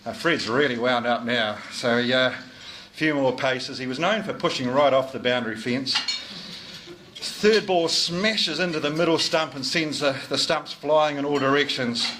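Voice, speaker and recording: In a club dining room, a middle-aged New Zealander serving as club sergeant gives a jovial, teasing after-dinner speech while collecting fines. He speaks at normal speed with a medium pitch, and there is background noise.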